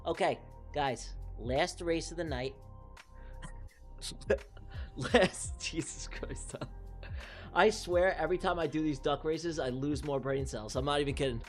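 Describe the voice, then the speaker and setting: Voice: medium pitch, measured pace, long pauses. A livestream host calling giveaway races with playful, teasing energy. They repeat their catchphrases for emphasis and joke with viewers, while faint music plays under the voice. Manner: excitable, teasing and joking. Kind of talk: playful live race commentary. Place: live stream broadcast.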